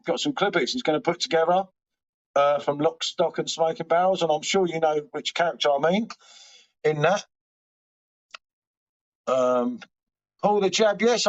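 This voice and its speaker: A man hosting a live stream from home, rambling and swearing casually as he chats back to viewers' comments. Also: on the high side. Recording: dull lo-fi stream audio.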